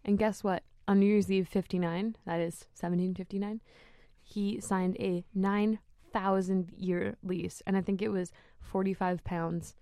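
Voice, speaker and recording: A woman's voice: medium pitch, fairly even intonation, measured pace, dark tone, no room sound, studio quality. Chatty woman telling playful tales. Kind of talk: casual snack-tasting chat.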